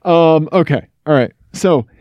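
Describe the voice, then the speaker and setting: Man, podcast co-host, casual chat, from Missouri, warm relaxed voice, lots of fillers. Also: fairly high pitch, measured pace, no echo, lo-fi sound. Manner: chatty, many fillers and restarts.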